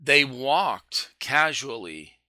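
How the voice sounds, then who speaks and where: Laid-back male podcast host, bright voice. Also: mid-range voice, big pitch swings, dry recording. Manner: laid-back, profane, quick reactions. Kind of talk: casual chat.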